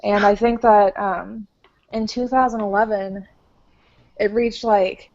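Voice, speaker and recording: A woman's voice: mid-range voice, fairly even intonation, takes it slowly, a little mellow. A woman from Oklahoma chatting casually on a group video call, plain-spoken. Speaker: hangout guest. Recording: dull lo-fi web call audio.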